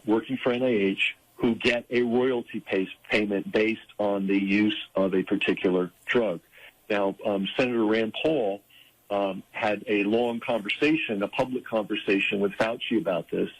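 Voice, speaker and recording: A man with a low, husky voice talks as a guest in a conversational interview. He explains things earnestly, often pausing on fillers and restarting his sentences mid-thought. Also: poor audio.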